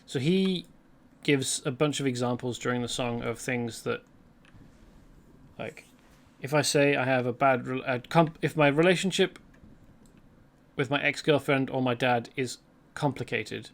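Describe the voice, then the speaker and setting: A man's voice: medium pitch, measured pace, creaky. A man hosting a let's play, rambling chattily through gameplay commentary and correcting himself as he goes.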